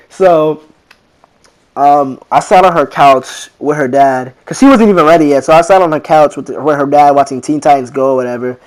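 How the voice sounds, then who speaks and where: Teen boy, casual storytelling, slangy, rambling, a bit high voice. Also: moderate pace, clear, resonant tone. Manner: slangy, rambling, animated retelling with quoted voices. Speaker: vlogger.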